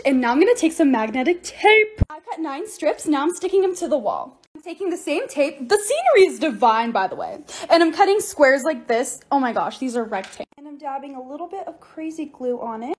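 A woman narrating her short DIY and restock videos in a bubbly, excitable, self-mocking way. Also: sits high, brisk. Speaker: lifestyle creator.

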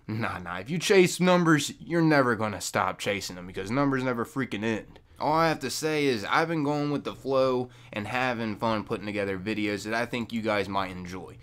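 A young man making a casual gaming vlog into a microphone, loose and jokey, with loud high-pitched bursts when he mocks people. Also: moderate pace, hardly any pauses. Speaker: gaming YouTuber. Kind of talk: casual talking-to-camera vlog. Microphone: desk microphone.

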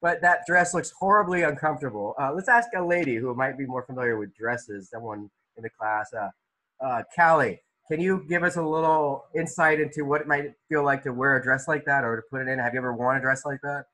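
A man's voice: mid-range voice, brisk, sharp tone, rough recording. A male art teacher leading an online class discussion, asking students questions by name, with loose, restart-filled phrasing. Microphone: video call.

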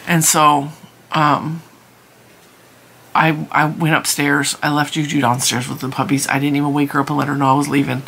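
A woman's voice: deep voice, level tone, normal speed, vocal fry, fairly bright tone, a little hiss or hum. A tired middle-aged woman chatting casually to camera at home, rambling with many restarts and sounding worn out. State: exhausted and teary. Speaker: crochet channel host.

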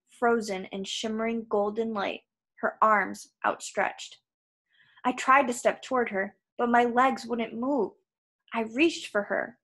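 A woman reading a novel aloud as an audiobook narrator in a steady, unhurried way. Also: fairly high pitch. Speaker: audiobook reader.

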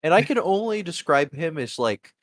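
A man hosting a casual wrestling podcast, talking in halting bursts with lots of fillers. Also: fairly high pitch, very animated, no room sound, clean studio sound. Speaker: podcast host. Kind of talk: casual chat.

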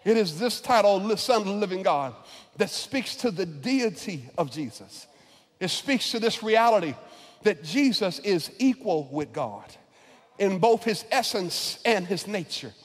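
High-voiced preaching pastor in a reverberant hall. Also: male voice, expressive, unhurried. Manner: preaching, builds to shouted climaxes, repeats words. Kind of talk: sermon. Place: large church sanctuary. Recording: long church reverb.

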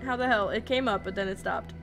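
A woman's voice: medium pitch, normal speed, a bit bright, faint music behind. A woman streaming a video game live, frustrated and swearing, repeating herself as she talks to her chat.

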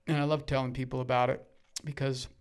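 A middle-aged man, a guest musician, telling stories in casual chat, acting out quotes with loud bursts and swearing freely. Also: mid-range voice, level tone, fast, clear, resonant tone.

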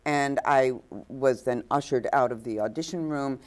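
A woman's voice: a bass voice, normal speed, a little mellow. A woman guest actress telling stories in a hesitant way, full of fillers and restarts, acting out the quotes. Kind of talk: anecdotal storytelling. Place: inn overlooking the ocean.

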